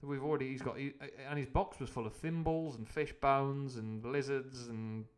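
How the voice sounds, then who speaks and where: A man's voice: medium pitch, steady tone, moderate pace. Rambling man reading aloud with jokes. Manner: rambling and jokey, full of tangents and fillers. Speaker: streamer reading a novel aloud. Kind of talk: live book reading with comic asides.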